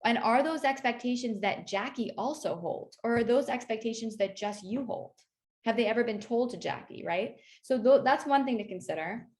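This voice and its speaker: A woman's voice: fairly high pitch, animated, moderate pace, a little mellow. A woman leading a workplace workshop, speaking in a conversational coaching tone and often checking in with "right?" and "you know.". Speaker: workshop facilitator. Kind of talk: online workshop presentation.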